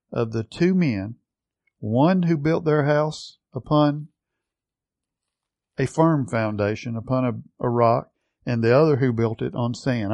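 A man delivers a sermon at an unhurried pace, stretching key words for emphasis. His voice sits at an ordinary middle pitch. The sound is dry and close, with no room echo. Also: gravelly, a little mellow. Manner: earnest, emphatic Bible teaching with slow stressed phrases. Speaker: preacher.

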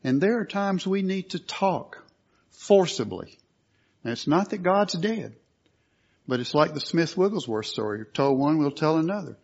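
A man preaching a sermon, earnest and at times forceful, on a dull lo-fi recording. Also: on the high side, animated, moderate pace, gravelly. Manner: earnest, rising to forceful emphasis.

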